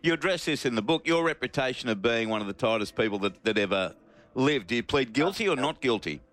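A man's voice: mid-range voice, animated, quick pace, a bit bright. A man with an Australian accent interviewing a guest, asking friendly teasing questions. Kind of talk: casual interview.

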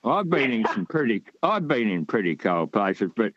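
A man's voice: fairly low pitch, big pitch swings, normal speed, a bit bright, highs cut off, a little hiss or hum. A man from Australia calling in to a radio show, talking in a rambling, hesitant way with many fillers. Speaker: caller. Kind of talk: radio call-in chat.

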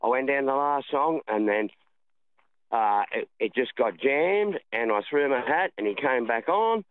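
A man's voice: medium pitch, lively intonation, unhurried, no room sound. A man with an Australian accent calling in to a radio show, telling a rambling story and calling the host darling. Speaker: radio caller. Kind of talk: phone-in storytelling. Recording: phone line.

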